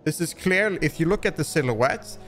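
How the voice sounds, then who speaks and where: A man's voice: on the high side, animated, normal speed, a bit bright, faint music behind. A man giving opinion commentary, rambling along with frequent restarts and fillers. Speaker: commentary YouTuber.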